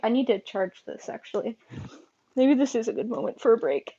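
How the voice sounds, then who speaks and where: A woman's voice: fairly high pitch, big pitch swings, a little fast, gravelly, warm tone, husky. A woman chatting casually on a live stream at home, playfully talking to her pets. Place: home room. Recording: dull lo-fi stream audio.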